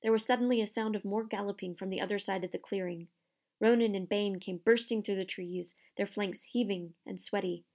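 A woman reads a storybook aloud at a middle pitch, her voice often dropping into a gravelly fry. Her narration is steady and expressive. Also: brisk. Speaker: audiobook narrator.

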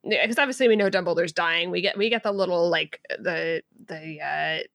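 A woman's voice: fairly low pitch, moderate pace, vocal fry, fairly bright tone, dry recording. A woman co-hosting a podcast, talking casually and hesitantly with many fillers. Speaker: podcast co-host. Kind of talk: casual chat.

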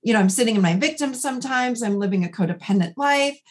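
A woman's voice: a little high, fast. Woman in her 40s chatting on a podcast, therapist, tells stories and does the voices. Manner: animated storyteller acting out dialogue. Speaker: therapist and guest. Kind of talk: conversational podcast interview.

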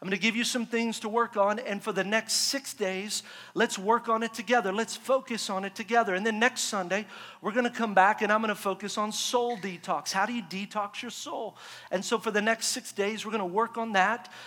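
A pastor preaching a sermon to his congregation in an energetic, call-and-response manner. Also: sits high, brisk. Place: large church sanctuary. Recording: echoey church hall.

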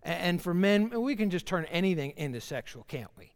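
A man's voice: high-pitched, expressive, fairly quick, clear, resonant tone. A middle-aged male pastor preaching a sermon in a folksy, joking way, acting out little scenes. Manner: folksy, joking, with acted asides. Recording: reverberant hall.

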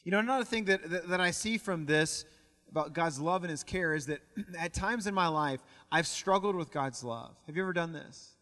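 Young male pastor, high bright voice, earnest sermon delivery, long church reverb. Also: normal speed. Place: church sanctuary.

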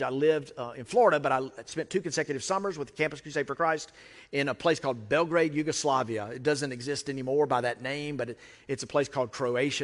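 American pastor preaching in a reverberant hall. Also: male voice, mid-range voice, fairly bright tone. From United States. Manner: conversational, emphatic repetition. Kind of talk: sermon. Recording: long reverb of a large hall.

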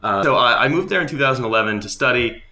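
Deadpan Canadian man, echoey room. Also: medium pitch, fast talker. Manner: dry, deadpan, self-deprecating. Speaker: podcast guest. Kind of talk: casual interview chat.

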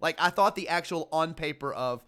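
A man's voice: a little high, normal speed, sharp tone, clean tone. A man co-hosting a movie podcast in casual chat, hesitant and rambling as he shares his opinions. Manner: chatty, hesitant, lots of fillers and restarts. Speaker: podcast co-host.

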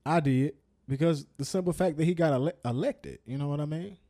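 A man's voice: fairly high pitch, brisk, dark tone. A man co-hosting a podcast in casual chat, blunt and insistent, cursing plainly as he makes his point. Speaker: co-host of a podcast.

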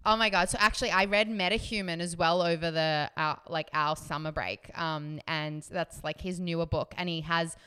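A woman chats as a podcast guest, excitable and gushing. Her voice is bright and smooth. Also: lowish voice, normal speed, few pauses. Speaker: guest, designer. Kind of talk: casual chat.

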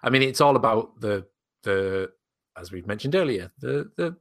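A man's voice: fairly low pitch, expressive, normal speed, a bit bright. A man co-hosting a casual podcast chat, enthusiastic and swearing freely. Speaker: podcast co-host.

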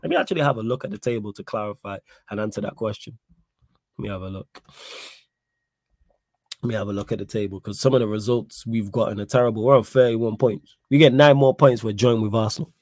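A young man hosting a casual live-stream podcast, talking in an animated, slangy way and repeating his points for emphasis. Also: lowish voice, fast, dry recording, clean studio sound. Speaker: podcast host reading live chat.

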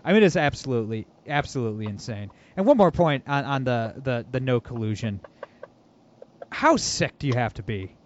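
A man's voice: mid-range voice, lively intonation, normal speed, a little hiss or hum. A man hosting a political podcast, talking casually and animatedly, mocking and laughing often. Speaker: podcast host. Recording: dull lo-fi audio.

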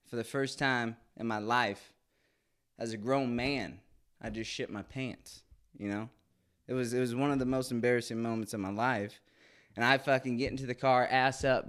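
A man in his late twenties telling a candid, crude, comic story with lots of swearing in a casual monologue. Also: mid-range voice. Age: 20s. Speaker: podcast host.

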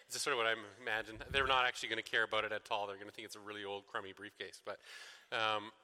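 A man's voice: on the low side, little pitch movement, racing, pushed and bright. Middle-aged pastor guy rambling through a sermon, lots of restarts, long echo in the hall. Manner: conversational, rambling with frequent restarts and rhetorical questions.

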